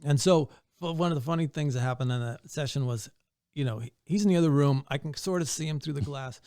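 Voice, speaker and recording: A man's voice: fairly high pitch, fast talker, dry recording. A man guest on a podcast, telling studio and tour stories casually, acting out what others said. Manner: animated storyteller, acts out quoted dialogue. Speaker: touring drummer, guest. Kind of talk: casual interview storytelling.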